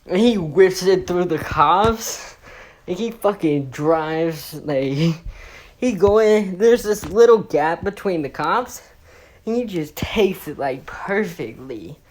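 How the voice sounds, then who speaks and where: A woman's voice: fairly low pitch, lively intonation, takes it slowly, darkish tone. A woman casually improvising a fan story, rambling and swearing with many fillers.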